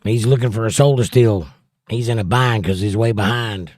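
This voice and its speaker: A man's voice: fairly low pitch, moderate pace, darkish tone, no room sound, studio quality. A man hosting a casual livestream, reading viewer comments aloud and chatting about them. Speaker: livestream host reading chat.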